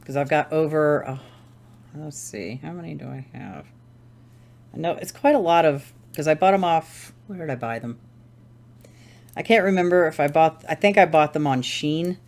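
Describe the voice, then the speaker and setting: A woman's voice: sits low, lively intonation, moderate pace, a little mellow. A woman hosting a crafting channel, chatting casually at home while she knits, rambling and correcting herself as she thinks aloud. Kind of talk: casual chat while knitting.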